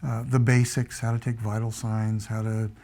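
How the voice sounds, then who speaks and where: Speaking at a normal pace in a lowish voice, this retired Air Force veteran, an older American man, relaxes into anecdotes during an oral history interview. Whenever he quotes someone, he performs the dialogue.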